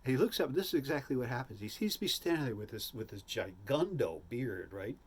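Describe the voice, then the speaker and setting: An older man telling a humorous personal story in a rambling, animated way, full of asides and restarts. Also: medium pitch, brisk, husky.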